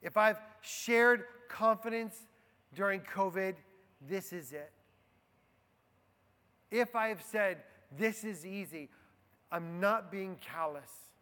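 A man preaching a sermon as a pastor, slow and deliberate, letting key phrases fall soft and quiet. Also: high-pitched. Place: church. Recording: long hall reverb.

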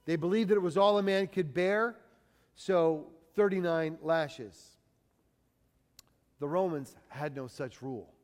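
A high-voiced man preaching a sermon, his words carrying a long reverb as if in a big hall. He builds phrases up loudly for emphasis, then drops to a low, hushed tone. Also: unhurried, pauses often. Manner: dramatic, rising for emphasis and dropping low and quiet.

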